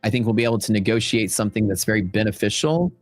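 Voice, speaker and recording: A Texan man hosts a trading livestream in a loose, rambling chat. His voice sits low and close on a dry mic, and faint music runs quietly in the background. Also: rapid-fire, dry recording. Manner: rambling, chatty, with frequent fillers and asides.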